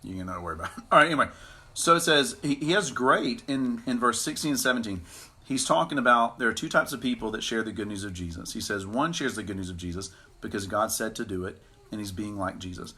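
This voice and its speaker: A man's voice: fairly low pitch, expressive, quick pace, bright, forceful tone, husky. A man co-hosting a live Bible study, talking in a playful, goofy, rambling way. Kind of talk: casual joking Bible talk.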